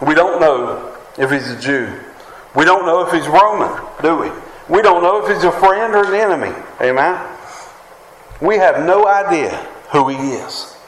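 A man's voice: on the high side, slight background noise. A man with a West Virginian accent preaching a sermon as pastor, often asking the congregation "Amen?". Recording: echoey room with faint ambience.

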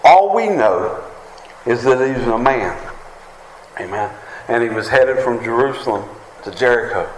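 A man's voice: medium pitch, lively intonation, a little slow, pauses often, a little hiss or hum. A man with a West Virginian accent preaching a sermon as pastor, often asking the congregation "Amen?". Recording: echoey room with faint ambience.

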